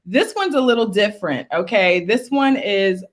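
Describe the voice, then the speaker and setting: A woman's voice: mid-range voice, animated, moderate pace. A woman singing teacher leading a live online workshop, chatty and encouraging, laughing easily between exercises.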